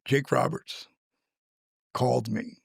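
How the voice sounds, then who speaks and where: A man with a gravelly, husky voice that sits a bit high tells animated stories as a podcast guest. He acts out other people's voices as he goes, and the room is dry and close. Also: slow pace, no echo. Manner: energetic storyteller who acts out the voices of others. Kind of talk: animated storytelling in casual conversation.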